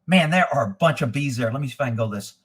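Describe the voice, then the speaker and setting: A man hosting a live show, telling a long profane story in a casual, animated way and quoting the people involved. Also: mid-range voice, racing, breathy edge. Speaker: host.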